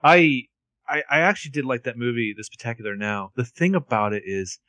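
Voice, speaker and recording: A man's voice: mid-range voice, animated, brisk, sharp tone, no echo. A man co-hosting a podcast, recapping a show in casual chat with lots of "like" fillers. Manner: chatty, full of "like" fillers. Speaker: podcast co-host.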